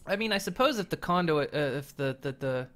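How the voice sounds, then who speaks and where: A man's voice: fairly high pitch, expressive, brisk, a bit bright. A man streaming a video game, chatting casually and thinking aloud with hesitant restarts. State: hiccuping. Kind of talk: casual gameplay chat.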